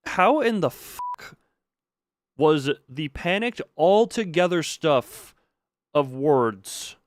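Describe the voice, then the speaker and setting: A young man streaming a game live, reading the story text aloud and reacting loudly to it. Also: on the high side, lively intonation, extremely slow, dry recording, clean studio sound.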